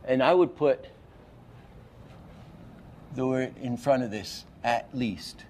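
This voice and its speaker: A man's voice: medium pitch, slow, darkish tone, a little hiss or hum. A man giving an animation masterclass lecture, explaining with false starts and counting frames aloud. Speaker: animation teacher.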